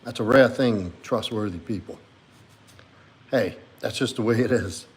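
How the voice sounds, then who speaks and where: A man's voice: on the low side, measured pace. Earnest man musing on a livestream. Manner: reflective, reads viewer comments aloud, earnest. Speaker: livestreamer and men's coach. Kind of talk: casual livestream chat.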